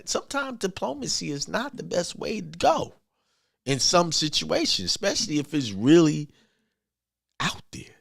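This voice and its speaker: This spiritual speaker, another man preaching an informal motivational sermon, has a high voice with big pitch swings and vocal fry, speaking at normal speed with no room sound. Bluntly and emphatically, he keeps repeating himself.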